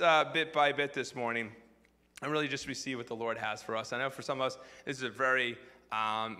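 Man, pastor, sermon, casual storytelling, bright voice, long hall reverb. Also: medium pitch. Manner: casual, filler-heavy storytelling. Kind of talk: sermon with personal testimony.

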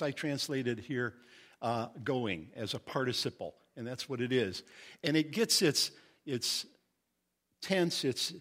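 A middle-aged pastor from Indiana preaches a sermon in a medium-pitched voice. Earnest and instructive, he reads scripture slowly and with emphasis.

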